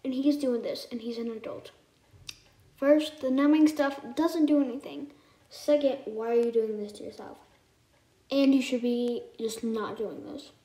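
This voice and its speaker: A woman's voice: a little high, a little slow, warm tone. A woman reacting to a video in blunt, exasperated and sarcastic commentary. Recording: echoey room, faint hiss.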